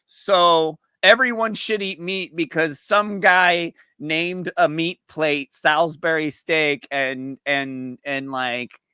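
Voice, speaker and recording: A man's voice: on the high side, fairly even intonation, slow pace, few pauses, bright, forceful tone, smooth, no echo. A man ranting in exasperation on a livestream, mocking the people he quotes. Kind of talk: casual livestream rant.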